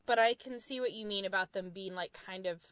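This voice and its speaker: A young American woman in casual podcast talk, weighing her words and hedging her points. Her pitch sits in an ordinary middle range. The sound is dry and close. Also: brisk, no echo. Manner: thoughtful, hedging, with soft laughs. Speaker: podcast co-host. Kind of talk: casual chat.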